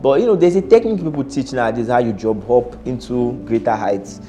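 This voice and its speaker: A man's voice: mid-range voice, fairly quick, warm tone, soft background music. A man giving casual, blunt reaction-video commentary as an employer, laughing often and repeating himself.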